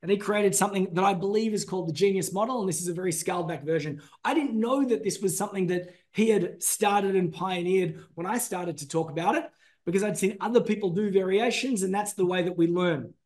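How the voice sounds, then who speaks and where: High-voiced man teaching a masterclass. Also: fairly quick. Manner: energetic, emphatic, calls out names to the audience. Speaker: business trainer. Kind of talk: masterclass presentation.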